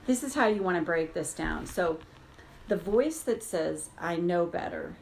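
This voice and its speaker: A woman's voice: on the low side, animated, a little slow, vocal fry. Chatty woman live-streaming a coaching talk. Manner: casual, chatty, greets viewers by name. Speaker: tapping coach. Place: cousin's house, gardeners outside.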